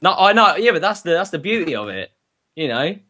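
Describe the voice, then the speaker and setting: A man's voice: a little high, very animated, fairly quick, sharp tone. A man hosting a casual podcast, bantering and laughing with friends. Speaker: podcast host. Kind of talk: casual group chat.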